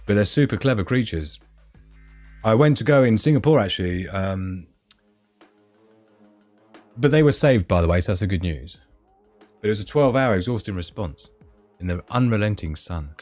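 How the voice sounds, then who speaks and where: Bloke rambling on a livestream, bit low-voiced, chatty. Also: male voice, expressive, moderate pace, long pauses, darkish tone, no room sound, soft background music. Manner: rambling, chatty, loses his thread. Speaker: livestream host. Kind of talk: casual live-stream chat.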